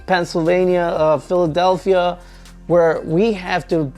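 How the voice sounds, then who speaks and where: A man with a gravelly, creaky voice tells a story from his days as a truck driver trainer in a casual vlog. His voice sits somewhat high for a man, and he acts out both sides of the exchange with animated energy. Faint music plays underneath.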